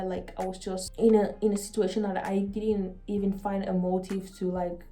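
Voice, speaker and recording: A young woman talks straight to her viewers in a confessional vlog. Her voice is mellow and soft, her delivery earnest and halting, and she sounds emotional as she circles back over her words. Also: medium pitch, little pitch movement. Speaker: vlogger. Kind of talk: personal confessional storytelling.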